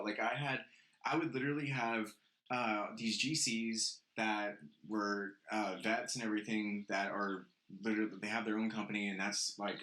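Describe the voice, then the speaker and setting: A young man hosts a casual podcast and tells his stories heatedly, swearing freely. His voice has a bright, forceful edge. The room around him is roomy and echoey. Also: lowish voice. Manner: profane, heated storytelling. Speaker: podcast host. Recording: roomy echo.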